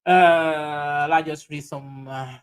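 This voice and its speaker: A Sierra Leonean man with a Krio accent hosts a casual livestream, reading viewer comments aloud while switching between Krio and English. His speech is halting, with many fillers and restarts. The voice is smooth and fairly high with fairly even intonation, on a low-quality recording.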